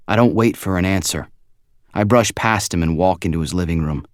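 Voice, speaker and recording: Male audiobook narrator, very low voice, quiet measured first-person read, dry close booth sound. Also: no room sound.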